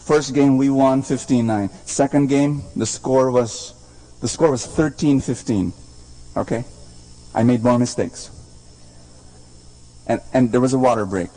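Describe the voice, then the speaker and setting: A man preaching a sermon in a church, swinging between high ringing calls and low quiet lines, repeating phrases and having the crowd say them back. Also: low-quality recording.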